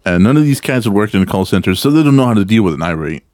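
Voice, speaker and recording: A man telling work stories in casual chat, animated and profane, jumping into loud hyped-up voices when he retells phone calls. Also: lowish voice, rapid-fire, no room sound, studio quality.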